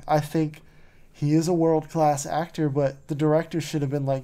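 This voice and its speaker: A man's voice: fairly high pitch, steady tone, normal speed, dark tone. A man hosting a podcast, chatting casually and rambling with lots of "like" and "you know" and wry, mocking asides. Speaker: podcast host. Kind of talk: casual chat.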